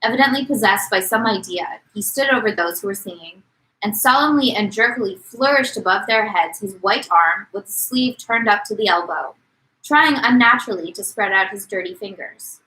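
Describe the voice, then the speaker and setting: On a podcast she co-hosts, a woman reads a novel aloud and performs the quoted lines in dramatic voices. Her voice sits in the mid-range with a sharp tone, moving at a normal speed, and the recording is rough. It's a casual read-aloud show.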